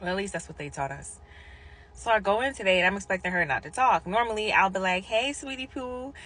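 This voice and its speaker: Woman, casual storyteller vlog, bright voice, animated quote voices, drops to whispers. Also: quick pace. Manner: animated, acts out quotes with big pitch jumps and whispers. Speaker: hospice nurse.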